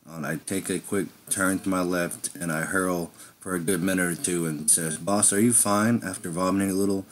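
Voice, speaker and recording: A man's voice: low voice, a little hiss or hum. A man telling an improvised first-person story in a rambling way, with slips and restarts.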